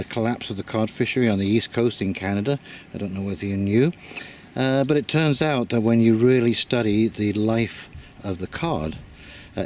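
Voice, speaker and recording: A man casually talking through his garden work outdoors, pausing often with filler words as he explains. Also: mid-range voice, a little hiss or hum. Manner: rambling, many "uh" pauses, relaxed storytelling. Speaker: gardening vlogger.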